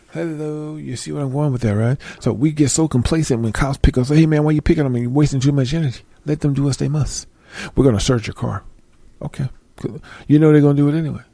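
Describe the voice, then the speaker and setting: A man's voice: medium pitch, gravelly, dark tone, slightly rough, dry recording. Middle-aged male preacher, conversational, dry close sound, reads scripture and asks for agreement. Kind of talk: casual sermon with scripture reading.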